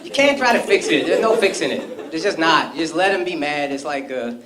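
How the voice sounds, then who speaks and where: A man doing stand-up comedy and loud, slangy crowd work in front of a live audience. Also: a little high, a little fast. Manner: loud, animated, slangy banter. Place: comedy club stage before a crowd. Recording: roomy live club sound with crowd noise.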